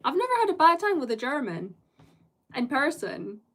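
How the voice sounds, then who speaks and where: British woman streamer, bright higher voice, rambling casual chatter with viewers, laughs easily. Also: sing-song, normal speed. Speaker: live streamer. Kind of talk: casual live-stream chat answering viewers.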